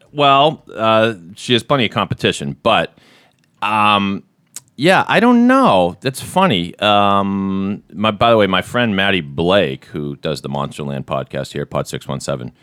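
A man hosting a podcast, telling animated stories with quick impressions. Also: low voice, smooth, dry recording, clean studio sound. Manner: animated storyteller, slips into impressions. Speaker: podcast host. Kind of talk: casual chat.

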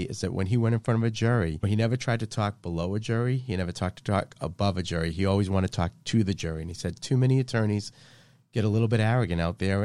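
Boston-accented man, deep smooth voice. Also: mellow, dry recording. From Boston area, Massachusetts. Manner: friendly, plainspoken, laughs often. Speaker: lawyer, guest. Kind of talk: casual chat.

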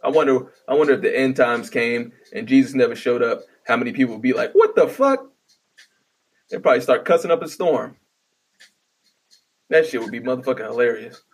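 A man's voice: medium pitch, quick pace, breathy edge. A man delivering a profane, exasperated comedic rant with stammering restarts. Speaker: vlogger ranting.

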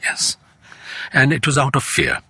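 An older man with an Indian English accent, telling anecdotes as a guest in relaxed conversation and acting out quoted family voices. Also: medium pitch, a little slow, vocal fry, husky, no room sound. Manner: animated anecdotes, slips into Hindi, acts out quoted family voices. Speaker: guest, voice artist.

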